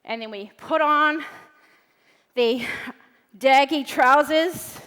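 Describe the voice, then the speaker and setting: A woman's voice: sits high, slow, fairly bright tone. A woman giving a brash, swearing motivational talk on a big event stage. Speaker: motivational speaker. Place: large event hall stage. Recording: reverberant large hall.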